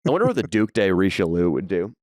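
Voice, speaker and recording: Casting: young man, podcast co-host, lively pitch, dry close mic, crude storyteller. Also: fast, dry recording. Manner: animated storyteller, crude jokes. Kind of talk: casual chat.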